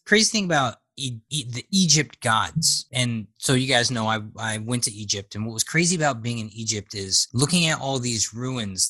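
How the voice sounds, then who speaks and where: A man's voice: medium pitch, bright, forceful tone, dry recording. A man in a casual discussion, explaining his thoughts at length and with care. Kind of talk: casual chat.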